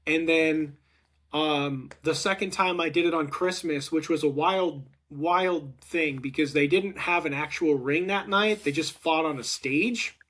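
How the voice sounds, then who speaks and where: Male host, high voice, animated casual storyteller. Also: unhurried. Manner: animated, acts out quotes with rising excitement. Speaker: podcast host.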